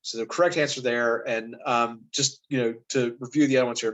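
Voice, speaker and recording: A man teaches a class in a relaxed, conversational way, peppering his explanations with fillers and quick "right?" checks. His voice sits at an ordinary middle pitch. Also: low-quality recording. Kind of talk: casual classroom teaching over a lesson video.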